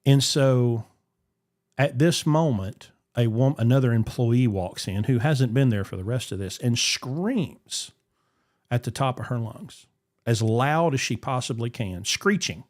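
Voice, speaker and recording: A man's voice: mid-range voice, unhurried. A man, hosting a podcast and telling a story in casual chat, acting out the voices he quotes. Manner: animated, acts out quoted voices. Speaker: podcast host.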